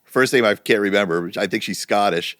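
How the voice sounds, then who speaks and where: A middle-aged man co-hosting a casual podcast, telling stories with lively energy and free swearing. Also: on the low side, a little fast, dry recording, clean studio sound. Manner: animated storytelling, swearing freely. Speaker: podcast co-host. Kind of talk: casual chat.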